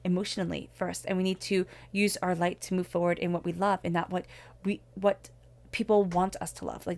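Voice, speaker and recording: A woman's voice: fairly low pitch, darkish tone. A woman giving a spoken tarot reading, talking in an earnest, reflective way as she offers spiritual guidance. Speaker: tarot reader.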